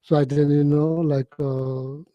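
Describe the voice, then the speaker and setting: A man giving a Buddhist teaching, telling stories in halting, repetitive phrases with many "you know"s and frequent throat-clearing. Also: a little high, little pitch movement, dry recording, lo-fi sound. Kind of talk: storytelling dharma talk.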